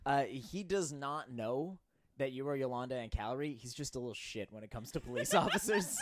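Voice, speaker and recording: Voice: mid-range voice, animated, fairly quick. A game master narrating a tabletop role-playing game, playful and often laughing. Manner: giggly, playful.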